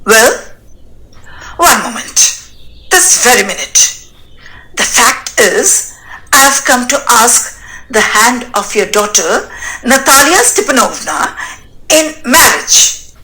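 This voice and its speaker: A jittery young male suitor from a stage play, voiced by a woman reading the part. He is stiffly formal and trips over names and words. The delivery is slow with a bright, lively tone. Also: a little high, heavily acted, low-quality recording. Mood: flustered.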